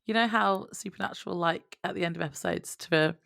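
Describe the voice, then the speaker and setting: Gravelly low-voiced woman podcast co-host. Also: fairly quick, a bit bright. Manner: chatty, adds side notes. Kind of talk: casual chat.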